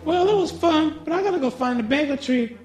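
Brief: actor doing a high, stiff doll thief from a cheap film, echoey clip, faint music behind. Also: lively intonation, fairly quick, a little mellow. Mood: flat.

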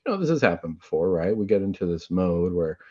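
A man hosting a Catholic talk show, chatting in a casual, conversational way and often clearing his throat. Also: sits low, big pitch swings, fast talker, darkish tone. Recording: dull lo-fi recording.

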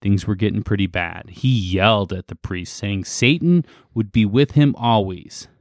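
A man's voice: on the low side, normal speed, vocal fry, no room sound, clean studio sound. A man co-hosting a podcast, casually recounting a story with fillers and laughs. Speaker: podcast co-host.

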